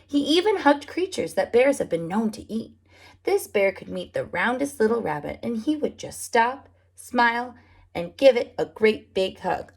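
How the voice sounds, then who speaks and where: A woman preschool teacher reading picture books aloud to young children, animated and often asking them questions. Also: a little high, moderate pace, vocal fry, slightly rough. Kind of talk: storybook read-aloud for children.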